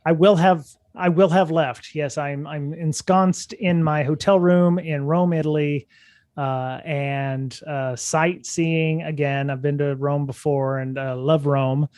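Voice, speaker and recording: A man's voice: a little high, level tone, slow, darkish tone, no room sound. A man co-hosting a security podcast in casual chat, rambling with many fillers and restarts, speaking from a hotel room. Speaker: podcast co-host.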